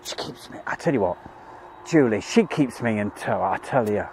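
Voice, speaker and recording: A man's voice: lowish voice, lively intonation, normal speed, a little mellow, a little hiss or hum. A man hosting a live plane-spotting stream, chatting jokily and reading out viewer messages. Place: outdoors at an airfield.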